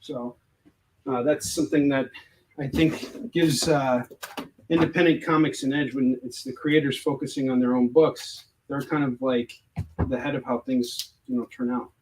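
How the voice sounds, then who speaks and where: A man's voice: medium pitch, fairly even intonation, moderate pace, darkish tone, slight background noise, poor audio. A man from the United States who creates comics, chatting casually and joking on a livestream Q&A while he counts stock aloud.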